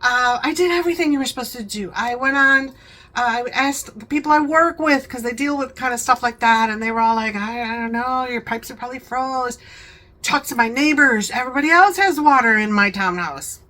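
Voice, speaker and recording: A woman's voice: high-pitched, lively intonation, a little fast, bright, forceful tone, poor audio. A talkative woman hosting a home vlog, rambling chattily and laughing often. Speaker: vlogger, channel host.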